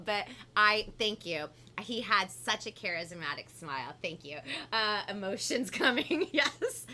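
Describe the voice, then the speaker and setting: A woman hosting a children's live stream, talking in a bubbly, animated way and reading out viewer comments. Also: mid-range voice. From family from Peru. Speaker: host of a live kids' show. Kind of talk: upbeat live-stream chat.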